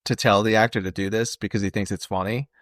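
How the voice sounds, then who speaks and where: Young male podcast co-host, low, laid-back, dry close sound. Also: fast, no room sound. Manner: relaxed, thinks aloud with "uh" and "dude". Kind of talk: casual movie chat.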